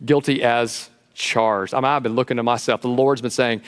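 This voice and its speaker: A man preaching a sermon as pastor in a church, lively and animated, acting out the voices he quotes. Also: mid-range voice, moderate pace, clean tone, long reverb tail. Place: church sanctuary.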